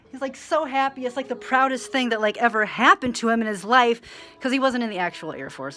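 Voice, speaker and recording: A woman vlogging in a rambling monologue, full of "like" and side tracks, swinging between loud animated bursts and quiet asides. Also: fairly high pitch, brisk, faint music behind. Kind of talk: rambling direct-to-camera monologue.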